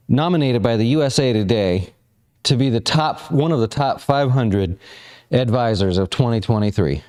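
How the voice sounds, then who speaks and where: A man hosts a daily market show while still out of breath. He chats loosely and jokes around, with plenty of "uh"s between his points. His voice sits at an ordinary middle pitch. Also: expressive, normal speed, darkish tone. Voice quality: chatty, joking, lots of fillers. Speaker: financial advisor hosting a daily market show. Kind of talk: casual chat.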